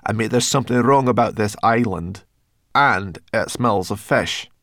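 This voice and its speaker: A man voicing a grumpy, sharp-nosed female forest creature in a storybook, blunt and suspicious. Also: lowish voice, moderate pace, no echo, clean studio sound. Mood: insistent.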